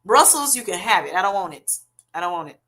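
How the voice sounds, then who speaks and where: A woman's voice: fairly low pitch, sing-song, fast, a bit bright. A woman, hosting a casual livestream, chatty and laughing often as she reads viewer comments aloud. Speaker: livestream host reading chat. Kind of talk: casual live chat.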